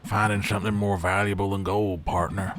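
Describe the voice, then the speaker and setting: A man's voice: on the low side, little pitch movement, fairly quick, a bit bright, a little hiss or hum, lightly acted. A synthetic male voice playing a folksy raccoon prospector in a game, with an old-timey drawl. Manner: old-timey drawl, says "partner" and "reckon".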